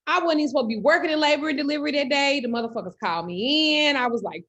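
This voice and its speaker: Woman, high voice, animated, profane, comedic storytelling. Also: very fast, lo-fi sound. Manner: animated, loud, cursing freely. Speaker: host.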